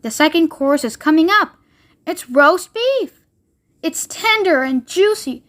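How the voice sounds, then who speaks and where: A woman's voice: extremely high pitch, expressive, measured pace, fairly bright tone, pitched above the performer's own voice, full character voice. A woman reading a storybook aloud, voicing a spoiled, greedy girl who talks obstinately and gushes. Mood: greedy delight. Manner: obstinate, bossy, gushing.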